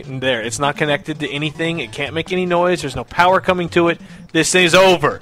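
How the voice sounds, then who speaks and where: A man with a fairly high, bright voice tells a long story in a loose, animated way. He swears often and slips into other people's voices when he quotes them. Faint music plays under the talk. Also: a little fast. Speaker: podcast host. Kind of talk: casual storytelling chat.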